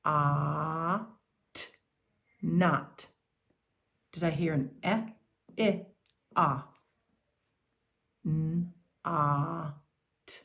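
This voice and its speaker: A woman teaching young children to sound out and write simple words, speaking slowly and clearly. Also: fairly low pitch. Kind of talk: early-reader phonics and handwriting lesson.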